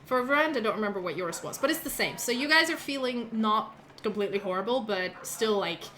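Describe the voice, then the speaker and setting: Bright-voiced woman running a tabletop game, loose and rambly. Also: on the high side, animated, a little fast, slight background noise. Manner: rambling, many fillers and restarts. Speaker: game master.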